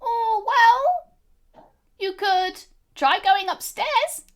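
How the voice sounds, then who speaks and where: A woman's voice: extremely high pitch, lively intonation, drawn-out words, voice pushed up, heavily acted. A woman voicing a tiny grumpy girl creature who answers curtly and dismissively. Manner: prim, dismissive.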